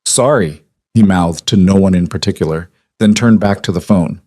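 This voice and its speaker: A man narrates a scripted story in a calm, measured voice. His pitch sits on the low side. The recording is dry, with no room sound. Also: no room sound.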